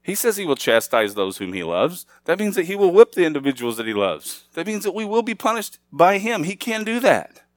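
A man's voice: sits high, sing-song, fairly quick, dry recording. A middle-aged man preaching a sermon as pastor, talking casually with the congregation and rising to emphatic, raised passages.

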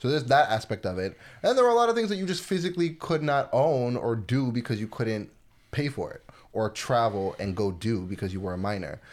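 A man's voice: medium pitch, animated, brisk. A man in his twenties chatting casually on a podcast, laid-back, with lots of filler words and some swearing. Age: 20s. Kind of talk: casual chat.

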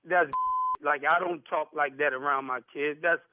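A man's voice: a little high, fairly even intonation, normal speed, a little hiss or hum. A man on a phone call, arguing defensively in heavy slang. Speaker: caller. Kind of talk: heated phone argument. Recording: tinny phone line.

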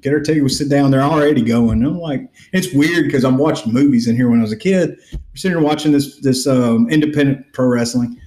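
A podcast host with a mid-range voice talks briskly in an echoey room. He's telling a long story in a casual chat, acting out the quotes with plenty of swearing and animated energy.

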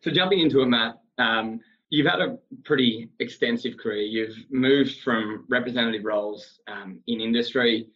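Interviewer, muffled lo-fi sound. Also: male voice, medium pitch, moderate pace, a bit bright. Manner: friendly, loose questions with fillers. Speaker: podcast host, interviewer. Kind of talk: casual interview questions. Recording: dull lo-fi sound.

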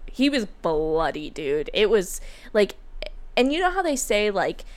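A woman co-hosting a casual podcast, her voice sitting at an ordinary middle pitch. She tells her story in an animated, profane way. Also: unhurried. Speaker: podcast co-host. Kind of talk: casual chat.

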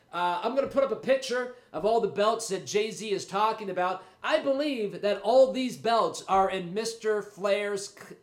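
Congested with a cold, a man hosts a wrestling podcast in an echoey room, his voice high. His casual solo talk is rambling and hyped, with a salty, profane streak.

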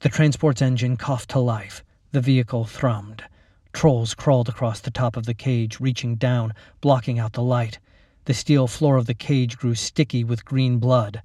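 A man reading a horror story aloud in a steady, measured way, slowing down for grim moments. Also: mid-range voice, dry recording, studio quality. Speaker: narrator. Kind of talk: scripted horror story narration.

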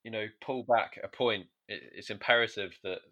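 A man's voice: on the low side, fairly even intonation, moderate pace, bright, forceful tone, lo-fi sound. A man co-hosting a comedy podcast, chatting casually with stumbles and restarts. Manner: hesitant, stumbling restarts, dry. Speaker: podcast co-host.

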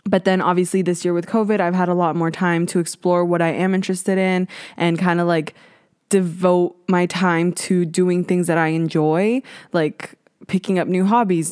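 A woman's voice: on the low side, normal speed, darkish tone, dry recording, studio quality. A young woman hosting a casual podcast from her closet, chatty and self-mocking, swearing freely and saying "like" a lot. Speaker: podcast host. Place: small clothes closet. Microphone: podcast microphone.

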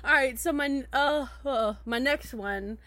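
Giggly young woman chatting, high voice. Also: takes it slowly, a bit bright, no echo. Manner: laughs a lot, many fillers. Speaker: podcast co-host. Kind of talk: casual chat.

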